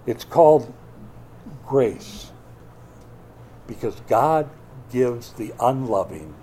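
A man preaching a sermon as pastor, swinging between loud emphatic bursts and quiet asides, with a wry, joking touch. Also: mid-range voice, lively intonation, drawn-out words, breathy edge. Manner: wry, joking delivery with mock quotes.

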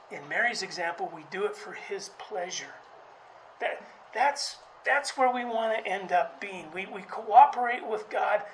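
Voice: a bit bright, slight background noise, poor audio. A preacher giving a conversational sermon, often restarting words and acting out quotes. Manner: conversational, halting delivery with frequent restarts; acts out quoted speech with raised pitch.

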